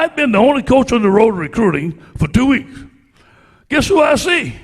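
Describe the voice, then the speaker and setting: A middle-aged man with a Cajun accent from Louisiana, a football coach telling folksy, animated anecdotes to a club audience. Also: sits high, in a large hall. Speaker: guest speaker, football coach. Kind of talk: storytelling speech to a club audience.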